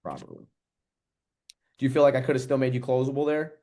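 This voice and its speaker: A man giving sales coaching feedback on a call. He talks quickly, casually and directly, with plenty of slang. His voice has an ordinary middle pitch. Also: lively intonation, warm tone.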